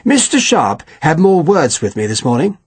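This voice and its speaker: A man doing a prickly army captain with a raised, clipped and officious voice. He sounds husky and moves his pitch around a lot, and he grumbles about everyone beneath him. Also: very animated, moderate pace. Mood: aggrieved. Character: stiff, pushy male army captain, disdainful.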